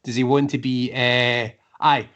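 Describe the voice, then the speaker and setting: A man in a relaxed podcast chat, with a voice of middling pitch. He talks with a wry, dry humour and pauses on fillers. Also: muffled recording. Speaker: podcast co-host. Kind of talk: casual chat.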